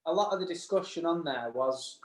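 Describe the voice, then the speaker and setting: A man's voice: on the high side, brisk, crowd noise. A man co-hosting a casual podcast chat, rambling through stories with frequent laughs and restarts. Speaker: podcast co-host. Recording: echoey room.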